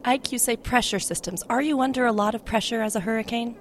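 A woman's voice: on the high side, fast, natural voice. A woman playing a mock-serious news anchor interviewing a hurricane in a comedy sketch. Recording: noisy outdoor recording.

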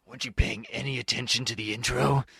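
A man playing an earnest, pompous masked crimefighter in a comedy radio play, with gruff, melodramatic bravado. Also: medium pitch, steady tone, fast, fairly bright tone, dry recording, full character voice. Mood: heroic.

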